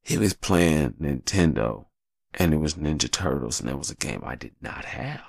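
A man in his thirties, a father telling a casual story in an animated, profane, slangy way. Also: extremely low pitch, normal speed, gravelly, slightly rough, no echo, studio quality.

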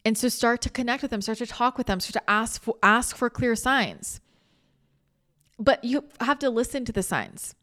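Rambling, animated woman host, fairly high voice. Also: moderate pace. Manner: animated and rambling, with frequent restarts, laughter and casual swearing. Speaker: spiritual channeler and podcast host. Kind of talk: casual spiritual chat.

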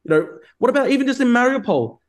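A man's voice: very high-pitched, very animated, quick pace. A man from Australia debating over a video call, furious, swearing and interrupting. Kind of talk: heated online debate.

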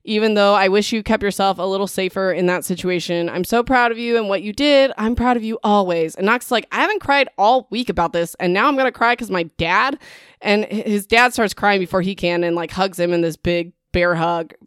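A woman's voice: medium pitch, a little fast, smooth, dry recording, studio quality. A woman giving a casual chapter-by-chapter book recap, sarcastic and chatty, full of "like" and "whatever," with teasing dramatic asides to her viewers. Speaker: book reviewer.

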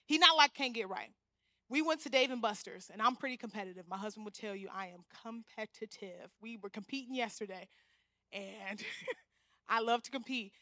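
A woman in her thirties giving an animated, humorous storytelling sermon in a church, speaking straight to the congregation. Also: high voice, no room sound, studio quality. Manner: animated, humorous, talks to the crowd as "y'all".

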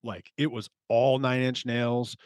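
A man's voice: medium pitch, flat delivery, unhurried, no echo. A man in his thirties hosting a podcast, chatting casually, rambling and swearing freely. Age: 30s. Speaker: podcast host. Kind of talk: casual chat.

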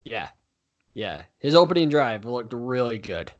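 A man co-hosting a casual sports podcast, chatty and quick to correct himself with apologetic asides. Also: mid-range voice, sing-song, dull audio. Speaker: podcast co-host.

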